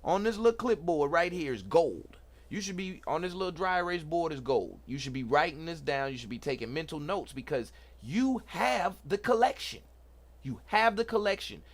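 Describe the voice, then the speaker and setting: A middle-aged man hosts a casual livestream tech talk. He is excited and preachy, repeats himself and talks to the chat. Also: fairly high pitch, normal speed. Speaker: host.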